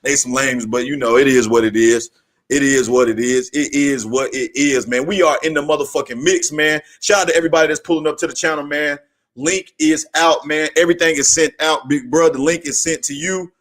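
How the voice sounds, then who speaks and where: A man hosting his own podcast, talking in a casual, slangy, profane way that gets excitable and breaks into shouting. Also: on the high side, brisk. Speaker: podcast host. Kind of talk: casual hyped sports talk.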